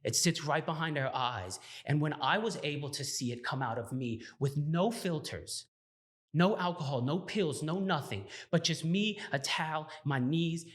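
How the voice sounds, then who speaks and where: A man's voice: on the high side, lively intonation, normal speed. A man talking as a podcast guest in casual chat, earnestly telling his story and acting out his own inner dialogue, often checking in with "right?".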